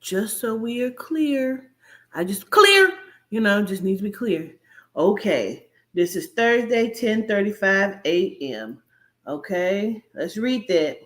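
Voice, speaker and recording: A woman's voice: mid-range voice, expressive, slow, a bit bright. A woman, delivering brash, profane, mocking reaction commentary as a host. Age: 40s.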